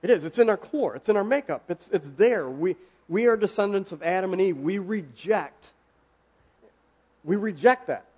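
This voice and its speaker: Male preacher, slightly high voice, casual sermon, talks with the room and asks questions, slows on key words. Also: expressive, a little mellow, slightly rough, lo-fi sound. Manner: conversational, asks the audience questions, slows for emphasis.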